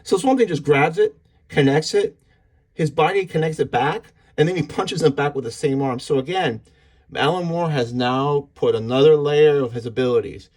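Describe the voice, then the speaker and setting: A man's voice: a little high, moderate pace, a little mellow. A man casually and enthusiastically recapping a comic book issue, acting out the characters' lines as he goes. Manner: enthusiastic, retelling panels with voices.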